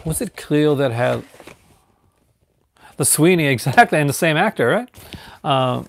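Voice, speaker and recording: A man's voice: on the high side, expressive, a little slow, gravelly. A man from Newfoundland, Canada, chatting casually on a live stream and rambling through restarts and fillers.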